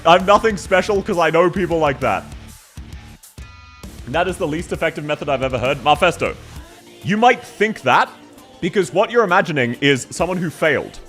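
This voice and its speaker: A man's voice: fairly high pitch, lively intonation, normal speed, long pauses, fairly bright tone, soft background music. A man with an Australian accent, chatting casually with viewers on a live stream, rambling and laughing at himself. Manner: rambling, self-mocking, laughs often.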